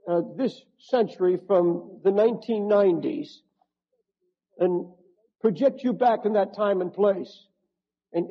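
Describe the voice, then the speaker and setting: A high-voiced man preaching a sermon, his husky tone carrying a vivid retelling that he aims right at the listener. He stumbles and restarts, then presses forward with mounting urgency. The recording is muffled and lo-fi. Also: long reverb tail. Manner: storytelling, addressing the listener directly, rising to emphatic pleas; halting restarts and repeated words.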